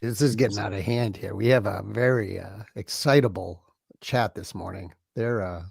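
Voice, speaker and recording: A man's voice: lowish voice, moderate pace, creaky, husky, no room sound, clean studio sound. A man chatting from off camera as the show's producer, making wry asides. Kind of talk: casual chat from off camera.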